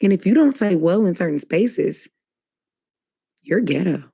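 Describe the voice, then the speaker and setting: A woman on a discussion panel, talking casually in an animated, sarcastic and emphatic way. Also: fairly low pitch, measured pace, gravelly, breathy edge, dry recording. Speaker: debate panelist.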